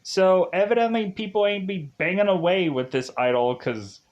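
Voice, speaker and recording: A man's voice: sits high, normal speed, dull audio. A man reviewing a film in a casual, rambling way. He fills gaps with "uh" and "of course" and chuckles at his own jokes.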